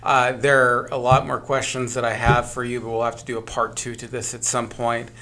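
A man's voice: medium pitch, a little fast. A man hosting an interview podcast, thanking his guest and asking listeners to subscribe. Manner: brief backchannels, flat even delivery. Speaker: podcast host.

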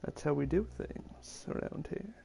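A man's voice: a little high, a little slow, gravelly, dark tone. A man streaming a game at home, talking in a dry, self-deprecating, offhand way. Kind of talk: casual live-stream commentary.

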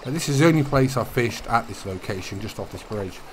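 A man's voice: mid-range voice, fairly quick, background noise. Chatty man narrating gameplay. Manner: chatty, relaxed, gives tips. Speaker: gaming YouTuber. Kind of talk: casual gameplay commentary.

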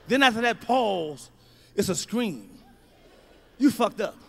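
A man performs stand-up comedy with a strikingly high, bright voice. He tells profane stories in an animated way, breaking into acted-out shouts. The delivery is loud and forceful. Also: takes it slowly, creaky.

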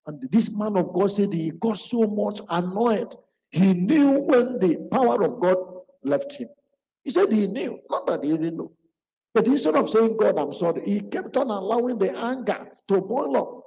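A man preaches in a storytelling manner, acting out the voices of the people in his story. His voice sits a little high and sounds mellow. It rings out in a hall with a long reverb. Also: animated, measured pace, creaky. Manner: acts out quoted speech in his stories. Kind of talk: storytelling sermon.

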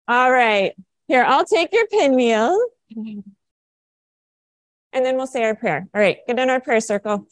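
A woman pastor with a high, light voice leads a children's message in plain, coaxing words. The sound is close and dry, with little room around it. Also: animated, moderate pace, dry recording. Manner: bright, coaxing, speaks simply to children. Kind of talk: children's sermon, then sermon. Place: church sanctuary.

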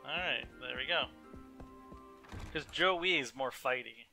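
Bright, joking young man. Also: mid-range voice, unhurried, creaky. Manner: joking, chatty, laughs easily. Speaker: let's play host. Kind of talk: casual gameplay commentary. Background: faint game music.

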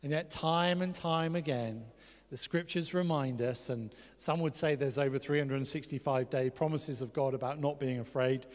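A pastor preaching a sermon, swinging between loud animated exclamations and hushed, softly spoken quoted words. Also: male voice, medium pitch, moderate pace. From England. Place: church hall. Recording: long church hall reverb.

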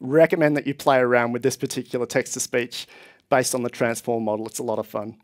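A man's voice: mid-range voice, fairly even intonation, fast talker. A man presenting at a tech conference, explaining with enthusiasm to a live audience. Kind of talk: conference talk. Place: conference hall.

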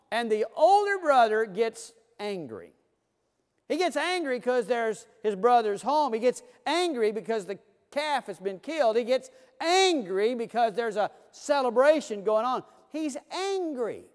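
Man, pastor, sermon, high voice, emphatic repetition, church hall echo. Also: clear, resonant tone. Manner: preaching with rising emphasis and repeated phrases. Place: church sanctuary.

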